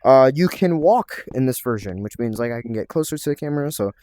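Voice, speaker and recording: A man's voice: medium pitch, expressive, fairly quick, darkish tone, no echo. A young man casually walking viewers through his VR game revival, rambling with lots of fillers and restarts. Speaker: game developer presenting a VR game revival. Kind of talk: casual tutorial vlog.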